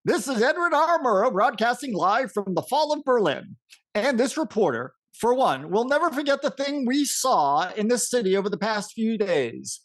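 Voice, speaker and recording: A man putting on the voice of a solemn 1940s wartime radio reporter, reading a broadcast in a formal, measured newsreel manner. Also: very high-pitched, sing-song. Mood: solemn reporting. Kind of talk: 1940s radio announcer impression.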